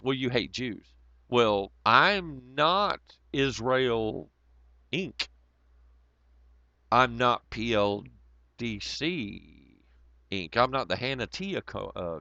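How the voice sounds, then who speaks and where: Profane, bright-voiced man ranting on a livestream. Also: mid-range voice, no echo, muffled recording. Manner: profane, rambling, laughs often. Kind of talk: casual livestream rant.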